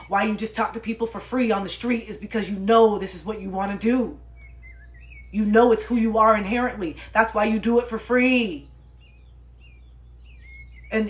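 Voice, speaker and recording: A woman in her thirties giving spiritual life coaching on a livestream, preaching with a lot of swearing and swinging between loud outbursts and low murmurs. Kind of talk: impassioned livestream monologue.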